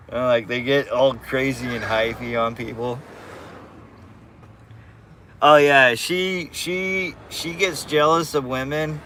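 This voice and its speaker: Laid-back slow-talking streamer guy. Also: medium pitch, bright, forceful tone, slight background noise. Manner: laid-back, chatty, slang-heavy. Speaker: live streamer. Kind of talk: casual live-stream chat.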